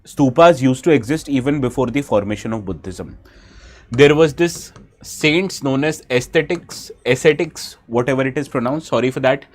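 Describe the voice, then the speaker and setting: A man's voice: medium pitch, moderate pace. A man with an Indian English accent teaching a live online exam-prep lesson, quizzing viewers, reading their names from the chat and correcting himself as he goes. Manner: corrects himself mid-sentence.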